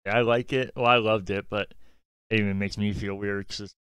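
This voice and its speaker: A man co-hosting a gaming podcast in casual chat, relaxed and thinking out loud. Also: lowish voice, a little fast, clear, resonant tone. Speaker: podcast co-host.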